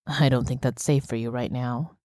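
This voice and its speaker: Furious young bear shifter, slow and menacing, a woman reads him. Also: rumbling low, steady tone, mellow, no echo, clean studio sound. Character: angry young male bear shifter, possessive.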